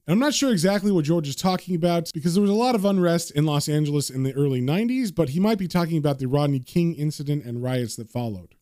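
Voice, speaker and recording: A man's voice: fairly high pitch, expressive, fairly quick, warm tone, no room sound. Chatty man narrating a comic, dry sound. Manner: chatty, conversational, with fillers. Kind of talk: casual comic recap narration.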